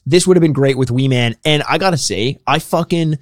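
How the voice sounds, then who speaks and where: A Canadian man co-hosts a podcast in loose, joking banter. He swears freely and laughs often. His voice sits at an ordinary pitch and is recorded dry and close. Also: a little fast, dry recording. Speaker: podcast co-host.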